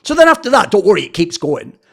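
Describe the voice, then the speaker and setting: A man's voice: high voice, sing-song, fast, vocal fry, breathy edge. A man ranting angrily in a video commentary, sarcastic and swearing, mocking others in put-on voices. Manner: angry, sarcastic, swears often. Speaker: esports commentator.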